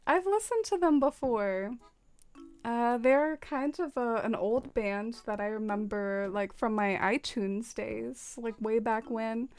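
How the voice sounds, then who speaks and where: A young woman streamer chatting casually with her viewers as she decorates, full of "like" and quick laughs. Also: a little high, a little mellow, soft background music. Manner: chatty, many fillers, laughs often. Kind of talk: casual livestream chat with viewers.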